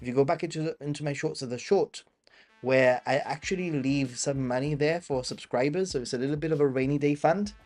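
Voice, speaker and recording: Man, Gibraltarian accent, slightly high voice, live Q&A host, chatty, off-the-cuff, soft music underneath. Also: a little fast. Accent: Gibraltarian English. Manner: chatty, reads viewer questions and answers them off the cuff. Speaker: travel channel host. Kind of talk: live-stream Q&A.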